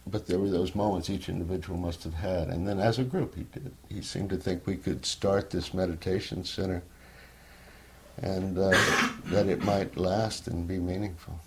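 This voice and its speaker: An older man telling a personal story in a candid, rambling way, at times sinking to a soft near-whisper. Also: low-pitched, steady tone, moderate pace, slight background noise. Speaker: interviewee.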